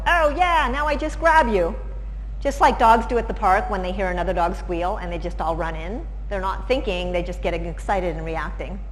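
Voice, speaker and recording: Woman lecturing in an echoey hall. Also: mid-range voice. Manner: conversational, explaining with examples. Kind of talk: presentation talk. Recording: reverberant hall, faint background noise.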